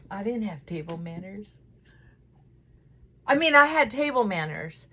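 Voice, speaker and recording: A woman's voice: medium pitch, animated, a little slow, pauses often, pushed and bright, husky. A middle-aged woman chatting emotionally and candidly while doing her makeup at home, close to tears at times. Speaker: vlogger.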